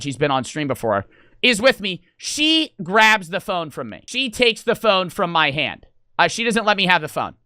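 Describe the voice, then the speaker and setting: Excitable young man, dry bright voice. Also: high-pitched, clear, resonant tone, no echo. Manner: excitable, swears a lot, rapid and emphatic. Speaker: streamer. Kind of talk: animated story time on stream. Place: gaming house room.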